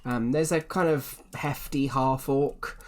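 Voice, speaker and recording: A man's voice: mid-range voice, steady tone, slow pace. A man narrating as game master in a rambling way, with many fillers.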